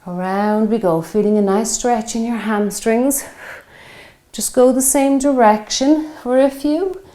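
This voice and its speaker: A woman's voice: fairly high pitch, measured pace, warm tone. A woman, leading a home workout and coaching encouragingly while exercising, a bit out of breath. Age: 50s. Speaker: fitness instructor. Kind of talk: guided workout instruction.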